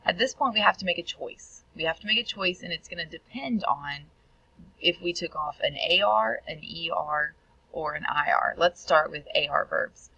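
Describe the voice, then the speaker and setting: Woman, Spanish teacher, video tutorial, gravelly, bright, dry slightly muffled recording. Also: on the low side, expressive, normal speed. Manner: clear instructional delivery, sounding out Spanish words.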